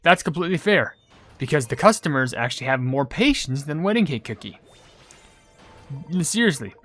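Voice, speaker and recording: Chatty rambling man with a higher voice. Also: moderate pace, soft background music. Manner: rambling, heavy use of "like" and "you know"; gets loud and excited over game pulls. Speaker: gaming YouTuber. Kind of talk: casual gaming commentary reading comments.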